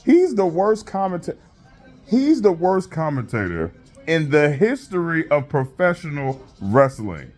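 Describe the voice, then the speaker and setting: A man's voice: fairly high pitch, darkish tone. A man giving a profane, mocking rant while reviewing a wrestling show. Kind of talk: casual rant.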